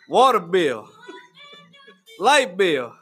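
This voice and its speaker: Male host, high voice, animated comic storyteller, quick to laugh. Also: husky, soft background music. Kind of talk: casual comedic chat.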